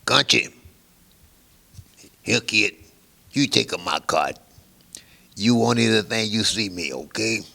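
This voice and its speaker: A man's voice: lowish voice, unhurried, vocal fry, long pauses, bright, forceful tone, heavily acted. A man putting on the voice of a cigar-chewing older mob boss who barks short, brusque orders. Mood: commanding.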